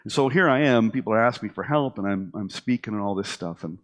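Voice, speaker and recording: This middle-aged man talks fast in a lowish voice as he casually recounts something that happened to him. Lively and prone to fillers and false starts, he performs the dialogue others spoke to him.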